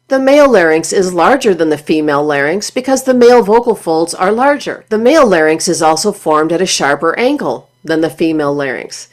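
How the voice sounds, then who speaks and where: A woman voice teacher giving scripted instructional narration in a clear, measured, explanatory way. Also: on the low side, lively intonation.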